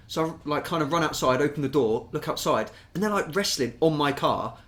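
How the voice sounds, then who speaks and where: A man with a British accent, co-hosting a podcast and telling stories in an animated, sweary way. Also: on the high side, a little fast. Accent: British English. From England. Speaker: podcast co-host. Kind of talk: casual storytelling chat.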